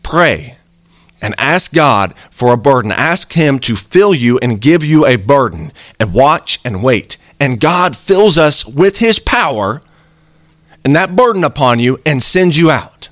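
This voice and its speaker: A man's voice: mid-range voice, very animated, unhurried, fairly bright tone, no echo, studio quality. A man preaching a sermon in an earnest, conversational way, acting out little quoted exchanges.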